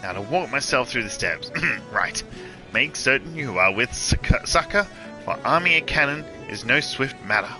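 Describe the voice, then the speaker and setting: A man voicing a jittery young pirate gunner, pitched very high and shouting to himself. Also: expressive, normal speed, over music, natural voice, low-quality recording. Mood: panicked.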